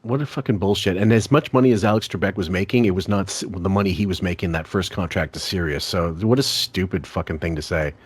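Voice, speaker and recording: A man's voice: low-pitched, quick pace, few pauses, breathy edge, no echo. A man co-hosting a podcast, chatting casually and cracking profane jokes. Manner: joking, profane, laughs often. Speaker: podcast co-host.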